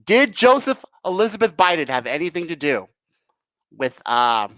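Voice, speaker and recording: A man's voice: fairly high pitch, sing-song, moderate pace, a bit bright, no room sound. A man hosting a rambling political commentary stream, sarcastic and profane.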